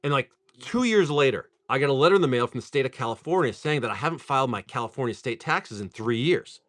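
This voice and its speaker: A man's voice: medium pitch, fast. A man chatting casually on a livestream, telling a long story in a chatty style full of "dude" and "like". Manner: chatty and animated, says "dude" and "like" often. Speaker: livestream card seller. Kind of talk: casual storytelling while opening card packs.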